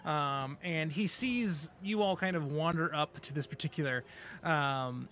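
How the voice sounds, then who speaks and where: A man's voice: a little high, unhurried, a bit bright, slight background noise. A man narrating as game master of a tabletop game, hesitant and full of fillers.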